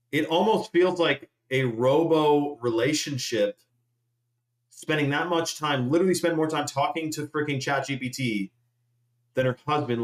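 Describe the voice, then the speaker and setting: A man hosting a live stream, ranting casually in a rambling, profane way. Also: a little high. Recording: roomy echoey room.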